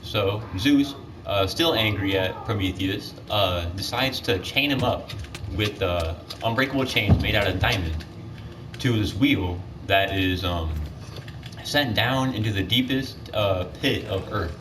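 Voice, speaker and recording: A teenage boy rambles through a story mid-game, piling up fillers and correcting himself as he goes. His voice sits somewhat low. The mic is set back from him, and steady noise runs underneath. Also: a little slow. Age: teens. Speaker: gamer retelling myths. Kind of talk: casual gaming commentary. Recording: distant mic with clear background noise.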